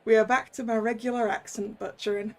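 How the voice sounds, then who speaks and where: A woman's voice: fairly high pitch, flat delivery, brisk, gravelly. A British woman streamer reading a visual novel aloud, joking about her own accent work. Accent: British English. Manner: self-deprecating, giggly. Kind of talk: reading a game aloud with commentary.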